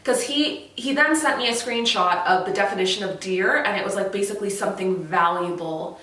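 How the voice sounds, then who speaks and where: A woman's voice: medium pitch, brisk, fairly bright tone. Young canadian woman vlogging, chatty and giggly, super echoey room, mic kinda far. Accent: Canadian English. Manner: chatty, laughing often, trailing off and restarting. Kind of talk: casual chat to camera.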